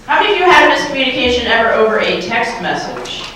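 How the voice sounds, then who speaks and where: A woman with a high-leaning, fast voice that swings widely in pitch delivers a playful motivational keynote, peppering a live audience in a large hall with questions. She speaks into a handheld mic picked up from far off, so the hall sounds very echoey and the background is noisy.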